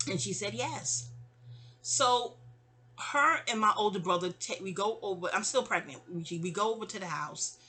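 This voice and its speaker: A woman's voice: mid-range voice, normal speed, pushed and bright. A middle-aged woman telling a long personal story in a casual, rambling way, often digressing. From New York.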